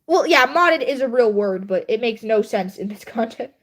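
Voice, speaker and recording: A young woman speaks at a moderate pace in a fairly high, animated voice. While livestreaming and editing her writing, she's chatty and self-deprecating, laughing frequently.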